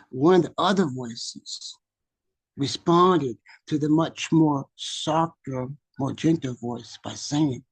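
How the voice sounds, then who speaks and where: A man reading his own poetry at a measured, dramatic pace over a video call. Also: on the high side, slightly rough, poor audio. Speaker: featured poet.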